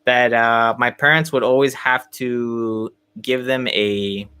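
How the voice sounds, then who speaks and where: A man's voice: mid-range voice, steady tone, slow, pushed and bright, clear, resonant tone. A young man hosting a podcast, telling a story in casual chat with many fillers and restarts. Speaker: podcast host.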